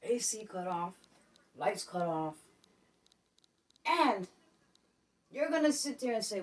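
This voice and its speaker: With a medium-pitched, darkish voice, a woman from Puerto Rico gives casual advice on her vlog at home, animated but measured and leaving long pauses. She keeps saying "okay?" to check in and repeats herself, her voice a little distant from the mic.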